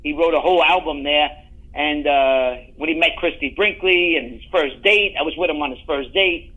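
A middle-aged man, an actor, telling rambling, animated anecdotes in a casual interview, often restarting his sentences. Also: fairly high pitch, moderate pace, narrow, tinny audio. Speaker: guest, actor.

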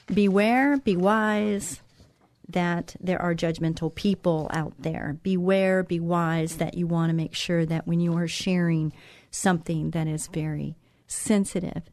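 A woman's voice: on the low side, darkish tone. Encouraging woman hosting a devotional show. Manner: encouraging, conversational, repeats phrases for emphasis. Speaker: host of a Christian talk show. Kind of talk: devotional talk show monologue.

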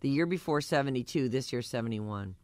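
A man's voice: medium pitch, lively intonation, brisk, a little mellow, clear, resonant tone, no room sound, studio quality. A man, hosting a radio show in casual, wry banter that drifts between topics. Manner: wry, chatty, trails off mid-sentence.

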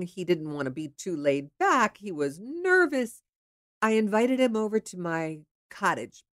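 A frank, chatty woman from the Pittsburgh area tells a personal story with a lively, swooping delivery. Her voice sits fairly low for a woman, and the sound is close and dry. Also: no room sound. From Pittsburgh area, USA. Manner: frank, chatty, occasional swearing. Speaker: storyteller sharing her dating life.

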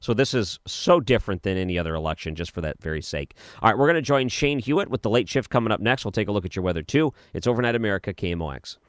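Low-voiced late-night radio host. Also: male voice, expressive, racing, few pauses. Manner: easygoing, chuckles often, agreeable. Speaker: radio talk show host. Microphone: studio microphone.

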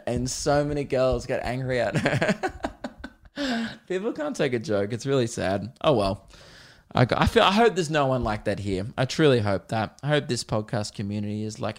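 A young man hosting his own podcast as a comedian, rambling casually, swearing often and laughing at his own stories. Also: medium pitch. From Australia. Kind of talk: casual solo podcast chat.

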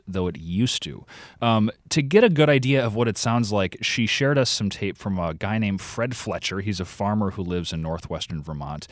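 A man from outside Chicago with a low voice whose pitch moves a lot as he explains things in a chatty way. The sound is dry and close. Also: dry recording. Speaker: podcast co-host guest. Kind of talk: interview answers.

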